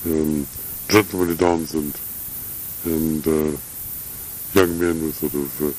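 An older man in a reflective interview, speaking in a measured, halting way with frequent pauses and fillers. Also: very deep voice, fairly even intonation, a little mellow, soft background music, poor audio. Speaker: interviewee, academic.

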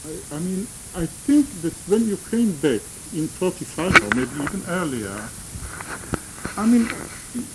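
A man's voice: high-pitched, sing-song, measured pace, very noisy. A man interviewing, hesitant and repeating words as he builds his questions.

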